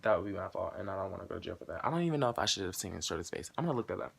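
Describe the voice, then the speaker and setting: A late-teen vlogger races through a story to camera, his voice showing vocal fry and a breathy edge. He's animated and swears a lot, acting out both sides of the dialogue with abrupt shifts in pitch and loudness.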